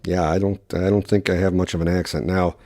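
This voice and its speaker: A man from Wisconsin with a Wisconsin accent, hosting a casual solo podcast in quick, rambling talk full of fillers. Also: sits low, little pitch movement, warm tone, no room sound, studio quality. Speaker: podcast host.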